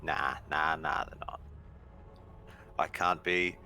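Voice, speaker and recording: A man's voice: very deep voice, flat delivery, slow, sharp tone. A man playing in a tabletop game, trading blunt, joking remarks and calling out his rolls. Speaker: player. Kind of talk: casual tabletop game talk.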